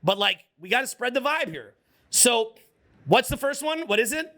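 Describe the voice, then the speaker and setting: A man coaching a live audience in a motivational seminar, energetic, swearing freely and getting the crowd to repeat his words. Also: very high voice, normal speed. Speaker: social skills coach.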